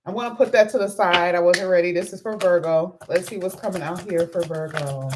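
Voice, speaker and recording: A woman's voice: fairly low pitch, normal speed, few pauses, background noise. Freshly woken woman reading tarot live. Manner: chatty, greets viewers by name. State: just woke up, voice low. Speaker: tarot reader.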